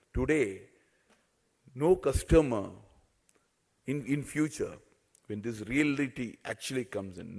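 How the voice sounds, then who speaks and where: A man's voice: medium pitch, darkish tone, husky. A man, speaking as a telecom executive in a panel talk, earnest and often repeating or restarting his phrases.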